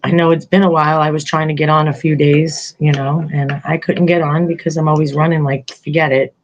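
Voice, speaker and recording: An older woman hosts a podcast in a casual, rambling way, often breaking into laughter. Her voice sits a little low for a woman. She chats loosely with listeners as a grandmother would. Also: flat delivery, fairly quick, muffled recording, a little hiss or hum. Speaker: podcast host. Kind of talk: casual chat.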